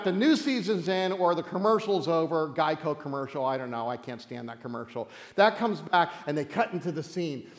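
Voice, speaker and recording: High-voiced joking pastor in a hall. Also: male voice. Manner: animated, joking, acts out voices and laughs often. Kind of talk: sermon told as a playful campfire story.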